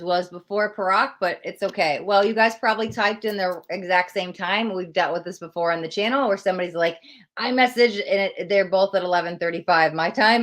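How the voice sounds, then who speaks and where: A woman's voice: fairly low pitch, a bit bright. A woman hosting a live tarot stream, chatting casually and reassuringly as she reads viewer comments aloud.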